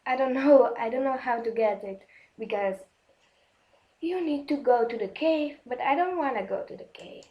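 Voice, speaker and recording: With a lo-fi sound, a jumpy woman with a high voice hosts a gaming video and talks casually through her gameplay. She gasps, laughs nervously, and is easily startled and excitable, while her non-native English comes out halting with many restarts.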